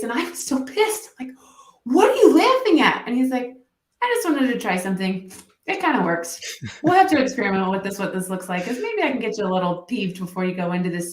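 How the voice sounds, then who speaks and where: A woman talking as a coach and interview guest, telling stories in a lively way and acting out quoted dialogue. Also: on the high side, reverberant, distant mic. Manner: animated storytelling, quick restarts, acts out quoted dialogue. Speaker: mental performance coach, guest. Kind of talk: casual interview conversation.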